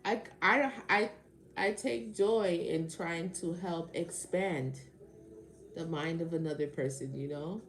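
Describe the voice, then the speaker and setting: Sarcastic woman with a gravelly voice. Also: fairly low pitch, slow, slight background noise. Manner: sarcastic, talks back to chat commenters; swears casually. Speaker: tarot reader answering a live chat. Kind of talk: casual livestream chat.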